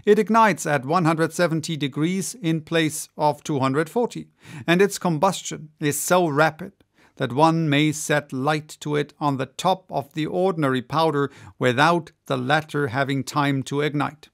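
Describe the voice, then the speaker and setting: A composed, lecturing club president with a slightly high, gravelly voice, read by a man. He lays out technical matters patiently and evenly, like a storybook character holding the floor. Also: moderate pace. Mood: calm explaining. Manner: calm, explanatory, lecturing. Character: confident male president of a gun club. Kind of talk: audiobook character reading.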